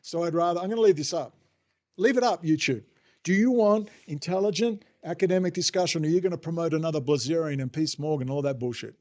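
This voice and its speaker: A man's voice: fairly high pitch, quick pace, darkish tone. A man hosting a casual livestream, rambling off the cuff, swearing freely and answering viewer chat as he goes. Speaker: livestream host.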